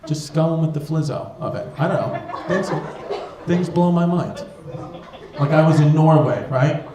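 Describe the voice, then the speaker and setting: A man doing a stand-up comedy set with a slightly high voice, rambling and swearing as he riffs on the crowd. He is on stage with a handheld mic in a club that echoes. Loud audience laughter and room noise sit behind him. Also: unhurried. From United States. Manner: rambling, profane, riffing with the audience.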